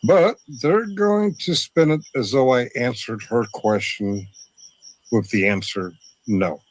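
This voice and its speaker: A man speaking defensively and haltingly on a replayed stream. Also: mid-range voice, rough recording. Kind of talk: defensive live-stream talk.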